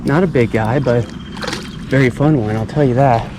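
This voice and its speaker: A man's voice: medium pitch, unhurried, noisy background. A young man filming a fishing vlog outdoors at a pond on an action camera, talking in a laid-back, chatty way and often repeating himself. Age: young adult. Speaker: fishing vlogger. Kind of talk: casual vlog commentary.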